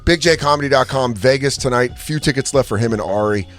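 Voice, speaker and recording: Profane storytelling podcast host. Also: male voice, mid-range voice, quick pace. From Colorado. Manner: animated, profane storytelling with voiced impressions. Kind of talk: casual podcast chat.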